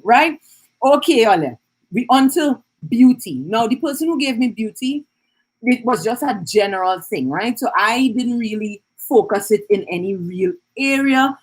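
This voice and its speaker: A woman's voice: fairly high pitch, expressive, a little slow, slightly rough. A woman hosting a live stream. She teaches in a chatty way, greets viewers and keeps checking in with "right?". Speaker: business coach hosting an Instagram live.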